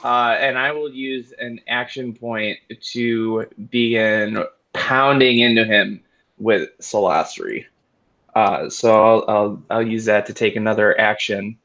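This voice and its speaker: A man's voice: on the low side, fairly even intonation, slow, fairly bright tone. A man playing a tabletop game, asking about the rules and adding up his damage. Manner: asks rules questions, tallies numbers. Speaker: player. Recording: dull lo-fi mic.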